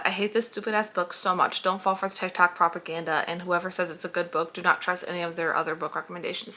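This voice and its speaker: A woman's voice: fairly low pitch, sharp tone. A young woman reviewing books in a casual vlog, heated and sarcastic, swearing freely as she reacts. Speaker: book reviewer.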